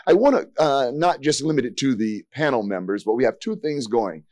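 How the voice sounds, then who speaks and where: A man's voice: medium pitch, lively intonation, a little fast, darkish tone, no room sound, clean studio sound. A man in his sixties moderating a panel discussion from a podium, with folksy joking asides. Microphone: podium mic.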